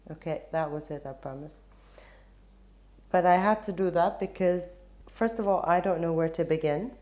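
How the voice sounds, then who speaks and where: A woman hosting a tarot reading channel, talking casually and rambling, with restarts and soft laughs. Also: on the low side, normal speed. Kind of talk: casual spiritual talk to camera.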